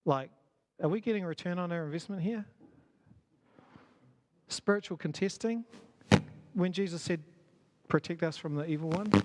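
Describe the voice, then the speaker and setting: A man giving a conversational talk to a church gathering as a church leader, asking the audience questions and poking fun at himself. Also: a little high. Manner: conversational, self-deprecating, asks the audience questions. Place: church hall.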